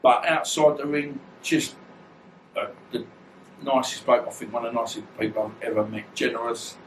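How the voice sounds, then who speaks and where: A man's voice: mid-range voice, normal speed, background noise. A man, telling stories in a blunt, rambling, slangy way as an interview guest. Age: 50s. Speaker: guest, former boxer. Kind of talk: casual storytelling. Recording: roomy echo, distant mic, faint ambience.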